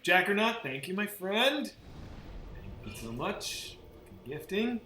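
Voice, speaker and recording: A man's voice: sits high, very animated, a little slow, sharp tone. A man chatting casually while streaming a game, rambling and swearing with many restarts. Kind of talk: casual live-stream chat while gaming. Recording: roomy sound with faint background noise.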